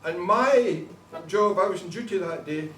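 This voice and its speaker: A man's voice: sits high, a little slow, fairly bright tone. An older man with a Glaswegian accent, a former police officer, tells a funny story to a live audience and laughs at his own jokes. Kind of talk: humorous anecdote to a live audience. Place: concert hall with an audience. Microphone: far camcorder on tripod. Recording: roomy hall from a distance, noisy.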